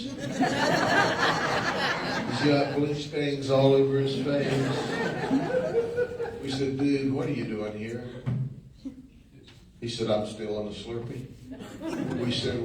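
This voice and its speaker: A man's voice: medium pitch, a little mellow. A middle-aged man, giving a folksy storytelling talk and acting out the people in his stories. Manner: down-home storytelling, mimics people in the story, chuckles often. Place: meeting room. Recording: echoey room, distant mic, faint hum.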